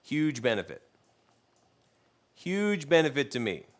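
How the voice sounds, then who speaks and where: A man's medium-pitched voice rises and falls widely at a slightly slow pace. He's a cooking streamer chatting casually with viewers as he cooks live, spinning jokey stories and teasing his dog in a loose, playful way.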